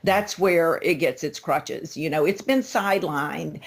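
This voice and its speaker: This is a chatty older woman with a Southern American accent, speaking low in pitch for a woman. She talks as a guest author, eager and storytelling, with plenty of emphasis. Her voice comes over a remote call. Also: unhurried. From Louisiana, USA. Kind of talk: casual interview chat.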